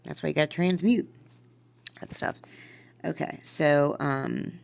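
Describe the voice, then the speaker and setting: A woman podcast host reading from her own journal and musing on it in a casual, rambling way, with a gravelly fry in her voice. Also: deep voice, a little slow, darkish tone. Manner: rambling, musing, trails off and restarts.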